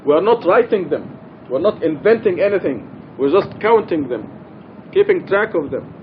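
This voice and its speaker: A man's voice: animated, moderate pace. A middle-aged man giving an informal, earnest religious study talk in a mosque, explaining and emphasizing his points. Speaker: Quran study teacher. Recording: dull lo-fi archival recording with faint rumble.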